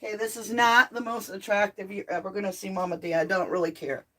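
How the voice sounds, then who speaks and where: A middle-aged woman hosting a live true crime tarot chat from home, talking casually and bluntly with animated asides while she is sick on cough medicine. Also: mid-range voice, quick pace. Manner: chatty, blunt, animated asides and mock quotes.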